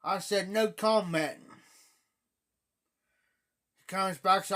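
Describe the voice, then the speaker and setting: A man with an Ohio accent telling rambling stories on a live stream, repeating himself and often clearing his throat. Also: sits high, slow, long pauses, a bit bright. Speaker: livestream host. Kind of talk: casual storytelling chat. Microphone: phone or webcam on a live stream.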